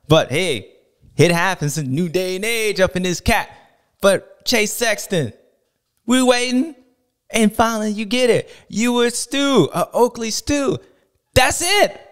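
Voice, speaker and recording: A man hosting a casual sports podcast, talking in a playful, animated way and drawing out and shouting words for emphasis. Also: on the high side, clear, resonant tone. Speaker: podcast host.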